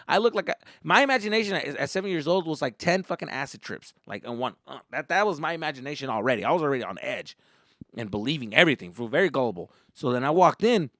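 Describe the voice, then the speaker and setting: A young man telling a comic story as a podcast host, profane and animated, jumping into voices. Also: mid-range voice, fast, dry recording, studio quality.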